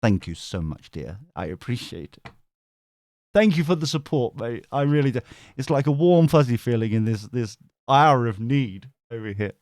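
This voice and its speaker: Cheeky male streamer, lively up-and-down delivery, dry close mic. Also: medium pitch, moderate pace, no echo. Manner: cheeky, swears, laughs a lot, reads chat aloud. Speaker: tarot reader streamer. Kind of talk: casual live-stream chat.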